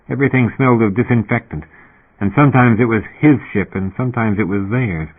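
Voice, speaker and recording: A man narrating an audiobook in a steady storytelling manner. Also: fairly low pitch. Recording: tinny phone-like audio.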